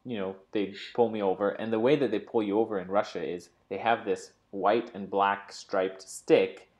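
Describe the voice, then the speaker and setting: Male co-host, lowish voice, casual and halting delivery. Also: steady tone, a little mellow. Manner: halting, many fillers and restarts. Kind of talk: casual storytelling.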